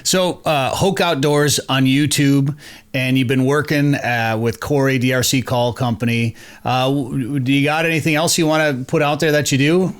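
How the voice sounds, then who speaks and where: A man hosts a radio talk show with a friendly, jokey, upbeat manner. His voice sits at an average pitch for a man. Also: steady tone, normal speed. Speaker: host. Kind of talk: casual chat.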